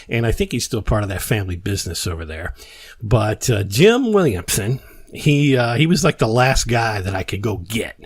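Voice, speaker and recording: A man hosting a podcast who tells stories in a casual, animated way and acts out the quotes. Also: mid-range voice, dry recording. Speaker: podcast host. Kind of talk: casual storytelling chat.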